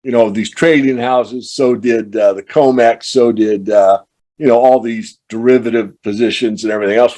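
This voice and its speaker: Man in a measured, explanatory podcast chat. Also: medium pitch, steady tone, mellow. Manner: measured, explains in long run-on thoughts. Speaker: show host. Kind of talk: casual podcast conversation.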